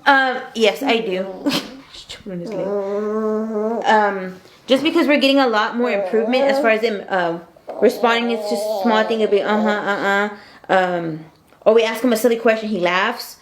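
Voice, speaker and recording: A mother answering interview questions casually, soft-spoken with many "um"s and frequent laughs. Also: fairly high pitch, normal speed, echoey room, crowd noise. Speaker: mother of the child.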